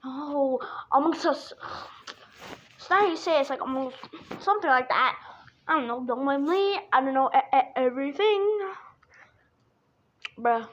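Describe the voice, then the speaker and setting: A woman's voice: high voice, lively intonation, moderate pace, long pauses, fairly bright tone, lo-fi sound. A woman chatting casually to her viewers in a playful, giggly way, full of jokey asides. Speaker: vlogger. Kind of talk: casual rambling chat to camera.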